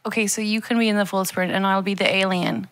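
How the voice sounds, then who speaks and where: A podcast guest from Ireland, chatting in a relaxed, easygoing way. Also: medium pitch, fast, clean tone, no echo. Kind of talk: casual chat.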